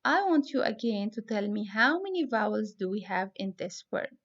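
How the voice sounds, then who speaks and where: A woman's voice: mid-range voice, lively intonation, fairly bright tone, muffled recording. A woman teacher giving a phonics lesson to young students, spelling out letters and sounds step by step. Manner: slow, deliberate, spells out letters.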